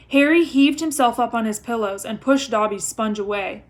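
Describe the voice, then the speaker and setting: A woman reading a novel aloud with expressive storytelling. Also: on the high side, normal speed, hardly any pauses. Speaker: reader.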